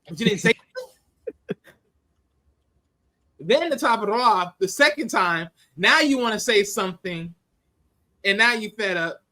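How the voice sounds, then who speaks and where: A man with a high, bright voice talks through a film in loose, casual chat. He is animated, laughs easily and breaks into quick voices to act out the scenes. His delivery is lively and unpolished. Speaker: movie reviewer. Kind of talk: casual spoken movie review.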